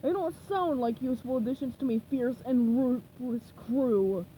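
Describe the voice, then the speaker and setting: A woman voicing a huge, menacing male pirate captain with a deep, growling voice, loud and slow. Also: slight background noise, natural voice, poor audio.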